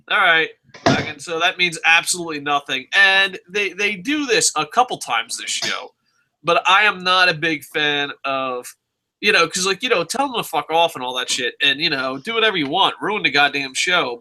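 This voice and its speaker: A man's voice: high voice, bright, forceful tone. A young man co-hosting a casual wrestling review podcast, swearing constantly and acting out his reactions in profane rants. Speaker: podcast co-host.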